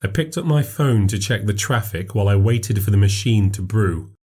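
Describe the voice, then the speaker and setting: A man narrating a ghost story in a measured, steady way. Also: lowish voice, slightly rough.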